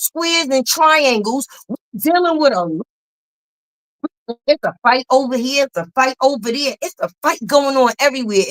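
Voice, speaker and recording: A woman with a high, bright-pitched voice dishing out casual gossip commentary. She is sassy and emphatic, dropping drawn-out mm-hmms between points. She is blunt and swears freely. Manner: blunt and profane. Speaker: commentary channel host.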